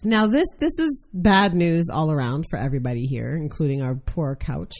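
A woman in casual chat, telling profane, expressive stories. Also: low voice, moderate pace.

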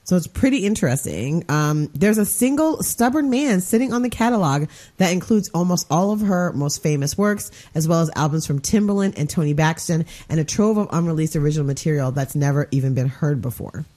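A woman's voice: low voice, animated, a little fast, few pauses, dark tone. A woman co-hosting a podcast, chatting casually in a wry, exasperated way. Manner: wry, exasperated, laughs often. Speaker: podcast co-host. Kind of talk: casual chat.

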